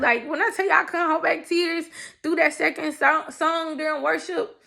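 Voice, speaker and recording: A young woman telling her faith testimony in a casual, animated, emotional way, talking straight to her listeners. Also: sits high, moderate pace, vocal fry. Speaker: person sharing a faith testimony. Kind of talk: casual storytelling.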